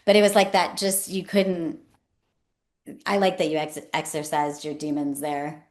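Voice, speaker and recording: A woman hosting a podcast interview, telling stories with lively acted-out quotes and frequent laughter. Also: low-pitched, a little slow. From New York State. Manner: animated storyteller, acts out quotes, laughs often. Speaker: podcast host. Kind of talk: casual conversational interview.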